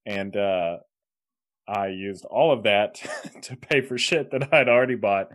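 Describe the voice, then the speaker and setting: Lowish guy rambling on a podcast, chuckles as he talks. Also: unhurried. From Kansas. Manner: rambling, laughs mid-sentence, restarts a lot. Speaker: podcast co-host. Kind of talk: casual chat.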